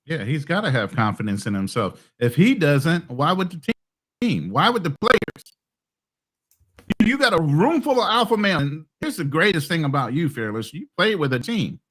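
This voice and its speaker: Emphatic, lively-pitched male co-host. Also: normal speed. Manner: opinionated, emphatic. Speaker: podcast co-host. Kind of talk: casual sports talk.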